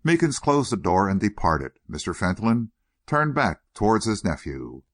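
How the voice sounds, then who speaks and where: A male narrator with a low-set voice, reading a period novel as an audiobook. His delivery is measured yet lively, moving widely in pitch to shape each sentence. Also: no room sound, studio quality.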